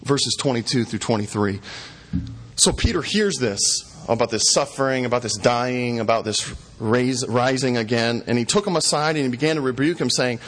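A man's voice: medium pitch, brisk, fairly bright tone. A man preaching a sermon, retelling scripture in casual, conversational words and repeating lines for emphasis. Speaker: pastor.

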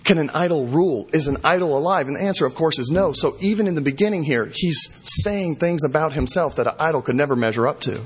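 A man preaching a sermon, animated, acting out sarcastic taunts in the passage he explains. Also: fairly high pitch, fast, hardly any pauses, breathy edge, long reverb tail. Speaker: pastor.

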